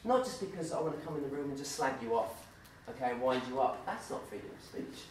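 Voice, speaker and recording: A man's voice: mid-range voice, quick pace, a little hiss or hum. Man speaking in a very echoey room. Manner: animated, acts out voices in the stories, many fillers. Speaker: guest speaker at a campus talk. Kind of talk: informal lecture with humorous anecdotes. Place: university lecture room. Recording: very echoey room, distant mic.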